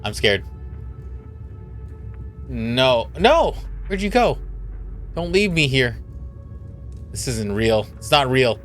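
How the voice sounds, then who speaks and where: A man's voice: mid-range voice, big pitch swings, slow pace, long pauses, fairly bright tone, faint music behind. A man reading the lines of a frightened female spaceship captain in a story game, pleading and cursing. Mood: scared.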